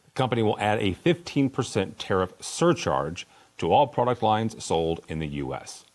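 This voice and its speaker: Give me a male podcast host reading news from a script, slightly low voice with animated pitch. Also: moderate pace. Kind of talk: reading tech industry news.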